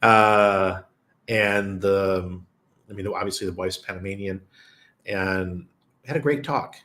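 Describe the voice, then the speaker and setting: A man's voice: deep voice, takes it slowly, bright, forceful tone. Chuckling, rambling man on a livestream. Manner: rambling, chuckles often, many fillers. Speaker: crypto livestream host. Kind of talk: casual live chat reading viewer comments. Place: lives in Panama.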